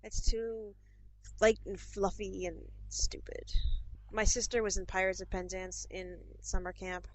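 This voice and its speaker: A woman's voice: mid-range voice, little pitch movement, a little slow. A woman co-hosting a podcast in casual chat, rambling along with plenty of fillers. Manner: chatty, rambling, with many fillers. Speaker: podcast co-host. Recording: dull lo-fi podcast recording.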